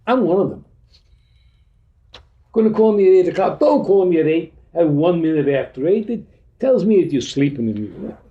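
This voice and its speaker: A man's voice: on the high side, lively intonation, moderate pace, pauses often, dark tone, dull audio. A man giving an informal teaching talk to a group in a meeting room, blunt and full of street slang, acting out little dialogues. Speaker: spiritual teacher.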